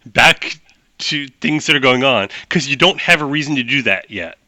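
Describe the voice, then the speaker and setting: A man's voice: mid-range voice, animated, normal speed, bright, forceful tone, no echo. A man narrating a tabletop game as game master, explaining rules at length with frequent restarts.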